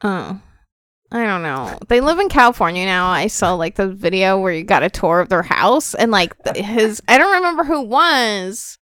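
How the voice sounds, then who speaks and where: A woman co-hosting a casual podcast, animated and giggly, telling stories with lots of fillers. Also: mid-range voice, normal speed, clear, resonant tone, no echo, clean studio sound. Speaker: podcast co-host.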